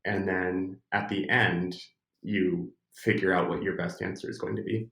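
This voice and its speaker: A man's voice: deep voice, fairly even intonation, a little slow, gravelly, fairly bright tone. An American man being interviewed as an expert, speaking thoughtfully with hesitations and restarts. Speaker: podcast guest, speech technology expert. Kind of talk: casual interview talk. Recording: roomy echo.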